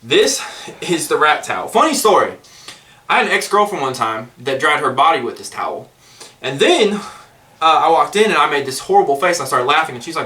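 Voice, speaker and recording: A man's voice: a little high, sing-song, brisk, sharp tone, distant mic. A man chatting casually through a snake-feeding vlog, rambling with jokey asides. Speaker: pet snake vlogger.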